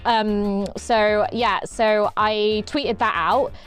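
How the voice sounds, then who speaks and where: A woman streaming live, chatting in a rambling, excitable way, repeating herself and giggling. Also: medium pitch, very slow, smooth. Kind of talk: casual livestream chat.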